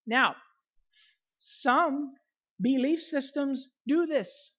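Slow and a little high, a woman's voice comes through in lo-fi sound as she preaches. She's a pastor delivering a sermon, emphasizing key phrases by repeating them and letting each phrase soften as it falls at the end.

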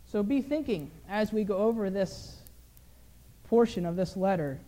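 A man's voice: high-pitched, dark tone. A man preaching a sermon, telling a personal story earnestly and pressing his points with rising emphasis.

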